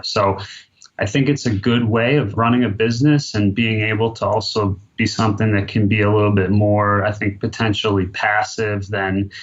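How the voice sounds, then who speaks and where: Low-voiced male guest on a dull line. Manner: measured, explanatory, with fillers like "kind of". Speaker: guest, real estate investor. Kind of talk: interview answers.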